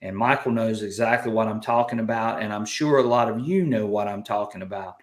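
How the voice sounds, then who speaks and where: A man's voice: on the low side, brisk, roomy sound. A man with a Southern US accent hosting a casual live chat, folksy and upbeat as he reads out viewer comments. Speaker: livestream host.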